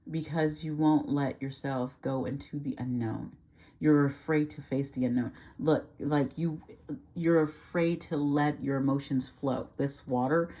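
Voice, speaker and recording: A woman's voice: rumbling low, mellow. A woman giving an earnest, reassuring tarot reading to camera, repeating phrases and trailing off mid-sentence. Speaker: tarot reader.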